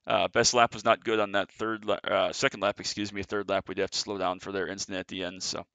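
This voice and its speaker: A man's voice: deep voice, level tone, fast talker, pushed and bright, clean tone, no echo. A man giving casual, chatty commentary on his own sim race, a little out of breath. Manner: chatty, filler-heavy, self-correcting. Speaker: sim racing streamer.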